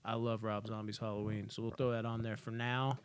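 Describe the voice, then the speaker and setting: A man's voice: on the low side, brisk, noisy background. A man co-hosting a casual movie podcast, talking animatedly and swearing freely as he ranks his favorite films. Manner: animated, swears freely, acts out scenes in put-on voices. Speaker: podcast co-host. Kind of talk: casual movie ranking chat.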